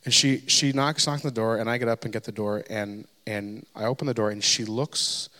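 A man's voice: on the low side, steady tone, brisk, pushed and bright. A man, a pastor in his thirties, telling a candid, self-deprecating personal story as a sermon, with frequent restarts. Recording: long hall reverb.

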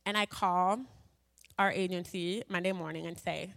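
A woman's voice: fairly low pitch, steady tone, normal speed, vocal fry, a bit bright. A woman sharing a personal faith story with a gathering in a chatty way, full of fillers and asides. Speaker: speaker sharing a personal testimony. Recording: long hall reverb.

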